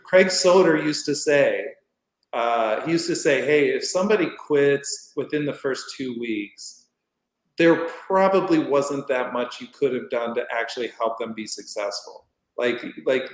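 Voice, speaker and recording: A man's voice: mid-range voice, normal speed. Middle-aged man rambling through a story, roomy sound. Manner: rambling, animated retelling with acted-out quotes. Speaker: podcast guest. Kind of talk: casual storytelling. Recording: roomy echoey room.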